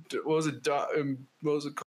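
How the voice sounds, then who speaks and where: A man's voice: fairly high pitch, steady tone, brisk. A man co-hosting a casual podcast chat, hesitant, with many fillers and frequent laughter. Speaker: podcast co-host.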